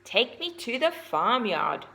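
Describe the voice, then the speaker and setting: A woman voicing a lazy little male owl chick in a storybook, whiny at times and shrill and urgent at others. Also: sing-song, slow, gravelly, pushed and bright, heavily acted.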